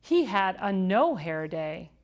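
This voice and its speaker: A woman's voice: mid-range voice, big pitch swings, takes it slowly. A woman voicing Amelia Bedelia, an earnest, chatty housekeeper from a storybook. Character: cheerful literal-minded housekeeper woman.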